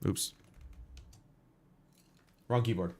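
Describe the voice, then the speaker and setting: A man's voice: drawn-out words, a little hiss or hum. A man hosting a casual gaming livestream, reacting aloud in a rambling, frank and opinionated way. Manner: rambling, musing aloud, frequent restarts.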